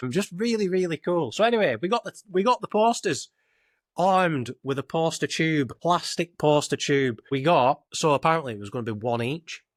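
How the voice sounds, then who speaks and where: Young Lancashire podcast host, casual rambling storyteller, dry close mic. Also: male voice, on the high side, expressive, normal speed, no echo. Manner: rambling anecdotal, northern dialect "I were", "it were".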